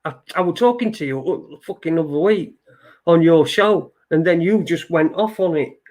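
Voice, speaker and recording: A man's voice: fairly high pitch, normal speed, darkish tone. A man hosting a live stream in casual chat, reading viewer comments aloud, rambling and swearing and repeating himself. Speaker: livestream show host.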